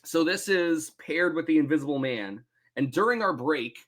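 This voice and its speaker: A man in his thirties co-hosting a book club podcast, chatting casually, animated and self-mocking, swearing freely. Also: a little high, normal speed. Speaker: podcast co-host.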